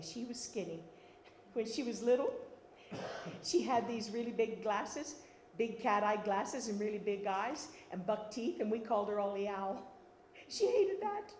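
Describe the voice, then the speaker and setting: A woman's voice: fairly high pitch, lively intonation, a little slow, a little mellow, echoey room, slight background noise. An older woman telling a wry, funny life story as a one-woman stage monologue. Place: theatre stage.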